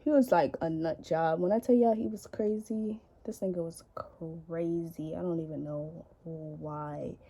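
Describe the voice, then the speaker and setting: A young beauty vlogger tells a rambling, profane story during a casual makeup video, filmed at home on a camera in front of her. Her voice is low, dark and slightly rough, with vocal fry, a little slow and with hardly any pauses, and she's chatty and says "like" constantly.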